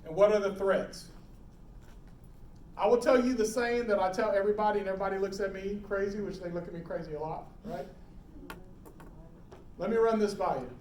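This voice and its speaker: A middle-aged man teaching emergency preparedness to a live audience, animated, quizzing the room and acting out scenes. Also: high-pitched, fairly quick, pauses often. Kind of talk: live classroom talk. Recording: roomy hall, distant mic, faint noise.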